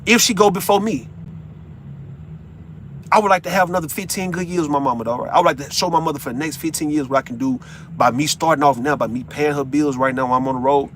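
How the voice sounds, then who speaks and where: A man's voice: a little high, fast, a bit bright, slight background noise. A middle-aged man in an emotional, profane monologue who stumbles and repeats words as he opens up. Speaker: vlogger. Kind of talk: emotional monologue while driving.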